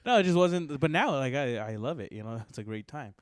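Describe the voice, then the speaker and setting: A man's voice: medium pitch, expressive, fairly quick, clear, resonant tone, no room sound. A young man co-hosting a podcast, chatting casually, laughing often as he tells stories. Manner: laughs often, easygoing storytelling. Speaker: podcast co-host. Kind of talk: casual chat.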